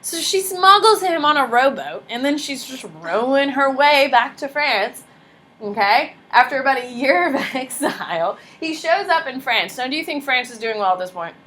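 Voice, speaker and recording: A young woman teaching a high school history class, lively and casual, joking and chatting with her students between points. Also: moderate pace. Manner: animated, casual and slangy, jokes with students. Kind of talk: classroom lecture.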